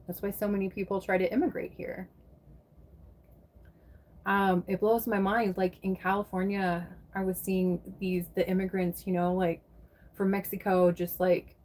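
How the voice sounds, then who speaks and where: A woman's voice: lowish voice, a little mellow. A woman from the United States chatting casually on a livestream, answering viewers by name and swearing freely. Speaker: live streamer chatting with viewers.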